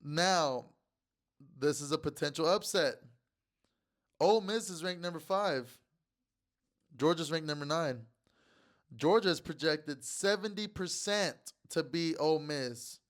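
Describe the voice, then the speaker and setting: A man hosting a casual sports picks show, talking loosely to his chat with playful trash talk and words repeated in quick strings. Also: on the high side, a bit bright.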